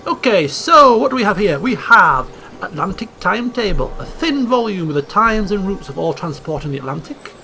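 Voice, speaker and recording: A man hosting a let's play, reading game text aloud with theatrical, chuckling commentary and hushed asides. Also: a little high, a little hiss or hum. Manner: theatrical, chuckling, swings between hushed asides and loud exclaims.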